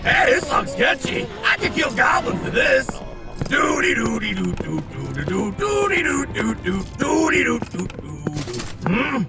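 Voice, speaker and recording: A man's voice: very high-pitched, normal speed, hardly any pauses, raised voice, music in the background, heavily acted. A man voicing a blunt, goblin-obsessed armored warrior who bellows in a fan-made abridged anime comedy. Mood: manic. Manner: bellowing, manic and deadpan by turns.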